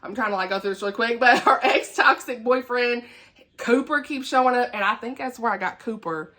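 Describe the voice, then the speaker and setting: A woman's voice: a little high, a little fast, pushed and bright. A woman with a Southern US accent chatting casually as a book vlogger, laughing often and dropping folksy asides. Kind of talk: casual chat.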